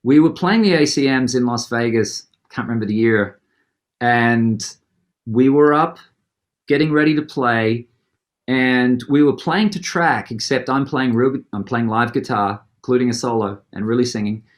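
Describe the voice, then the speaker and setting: A man telling a story in an interview, lively and animated, acting out the other people's lines as he goes. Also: mid-range voice, normal speed. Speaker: musician guest.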